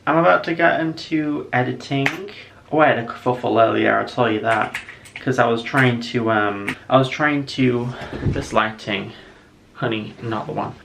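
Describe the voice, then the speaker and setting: A man's voice: mid-range voice, normal speed, gravelly, noisy background. A man chatting casually to camera at home, rambling and correcting himself as he goes. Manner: rambling, relaxed, self-correcting. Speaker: vlogger. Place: home room, indoors.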